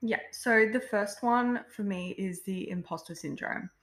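A woman co-hosting a self-development podcast, talking in a relaxed, reflective way with many fillers. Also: mid-range voice, a little slow. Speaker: podcast co-host. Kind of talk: casual podcast chat.

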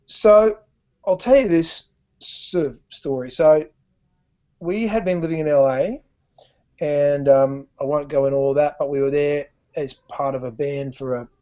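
A man's voice: on the high side, steady tone, a little slow, warm tone, clean tone, highs cut off. A man with an Australian accent, a musician guest telling stories in a rambling way with frequent restarts. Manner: rambling, lots of restarts and fillers. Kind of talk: conversational storytelling.

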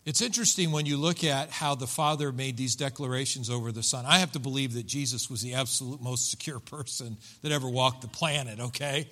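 A man's voice: medium pitch, fairly even intonation, fairly quick, hardly any pauses, sharp tone. A man preaching a sermon, retelling a story and acting out the quoted voices with animation. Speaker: pastor.

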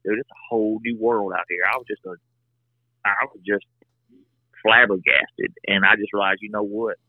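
A man's voice: fairly low pitch, fairly even intonation, moderate pace, no echo. A man telling stories earnestly in a folksy, rambling way as a podcast guest. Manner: earnest, folksy, talks in restarts. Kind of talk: casual storytelling conversation. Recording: tinny phone-like line, dry.

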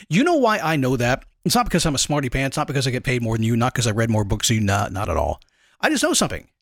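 Animated man giving a pep talk. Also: medium pitch, dry recording, clean studio sound. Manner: emphatic, rhetorical questions, swings between loud and hushed. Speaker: motivational podcast host. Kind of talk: animated motivational monologue.

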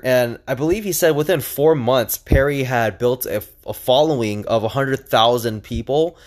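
A young man talking alone on his podcast in a casual, energetic and chatty way, with lots of fillers and restarts. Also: mid-range voice. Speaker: podcast host. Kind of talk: casual solo podcast monologue.

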